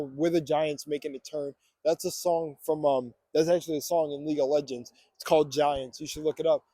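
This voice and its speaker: A man's voice: on the high side, a little mellow, breathy edge, no echo. A young man giving a fired-up morning motivational monologue on spirituality, preachy and swearing freely.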